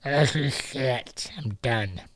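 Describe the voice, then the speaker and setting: A man voicing a drunk man who makes big, slow promises to quit, in a higher, drawn-out voice. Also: a bit bright, dry recording. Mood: drunk vowing. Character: slurring drunk man making grand promises.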